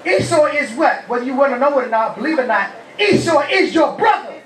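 A rabbi gives a lively call-and-response sermon, asking the congregation questions and shouting praise. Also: male voice, very high-pitched, quick pace. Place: humid, warm house of worship. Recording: echoey hall, mic far off.

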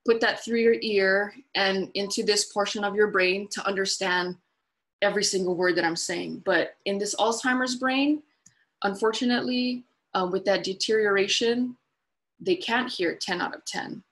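A woman's voice: mid-range voice, normal speed, fairly bright tone. Woman patiently teaching dementia care. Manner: patient, explanatory teaching with everyday examples; simple repeated phrasing for emphasis. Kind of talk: webinar presentation.

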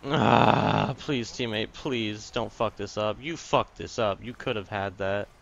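A man giving casual, excitable commentary while playing a game, swearing at his teammates. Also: fairly low pitch, slow pace, creaky, highs cut off. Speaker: gaming commentator.

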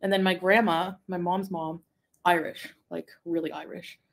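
A woman from Quebec chatting casually on a live stream, reading viewer comments, rambling and giggling, sometimes trailing off into a soft mumble. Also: fairly low pitch, level tone, moderate pace. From Quebec, Canada. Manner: rambling, easily distracted, giggly asides. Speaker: livestreamer.

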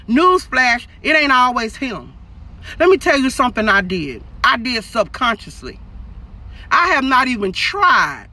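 A woman's voice: high-pitched, bright, forceful tone. A middle-aged woman delivers an emphatic encouraging sermon on a phone livestream from a parked car. She preaches straight to her viewers and keeps calling for their response.

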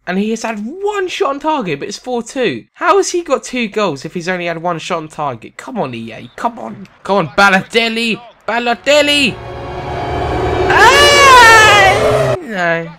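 A young British man giving gameplay commentary on a football video game, excitable and sarcastic, shouting at goals. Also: sits high, normal speed, hardly any pauses. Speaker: gaming commentator.

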